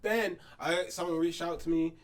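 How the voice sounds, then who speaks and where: A man in his early twenties co-hosts a relaxed podcast conversation, his voice sitting high. He tells animated stories and slips into the voices of the people he quotes. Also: normal speed. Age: 20s. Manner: animated storyteller who acts out quoted voices. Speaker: podcast co-host. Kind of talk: casual podcast chat.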